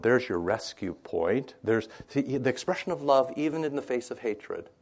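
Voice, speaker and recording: A man's voice: mid-range voice, moderate pace, hardly any pauses, slightly rough. A man giving an informal scripture lesson, chatty and conversational, retelling the story in everyday modern language and often checking in with "right?". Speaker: Bible teacher.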